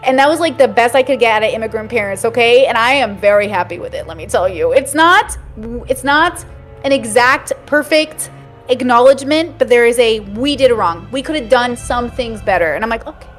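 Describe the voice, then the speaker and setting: Woman, 30s, fast talker, animated storyteller, slightly high voice. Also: faint music behind. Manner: animated storyteller, acts out quotes. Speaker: podcast guest. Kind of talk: casual chat.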